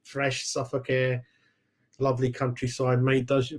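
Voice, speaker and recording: A man's voice: mid-range voice, steady tone, normal speed. A man hosting a football fan channel, chatting casually with live-stream viewers, laughing often and calling everyone mate.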